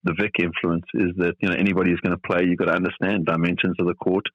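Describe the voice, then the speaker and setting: Low-voiced middle-aged man, dull dry sound. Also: level tone, fast talker, dry recording. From South Africa. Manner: thoughtful, rambling with many fillers. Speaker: tennis coach guest. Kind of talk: reflective podcast interview.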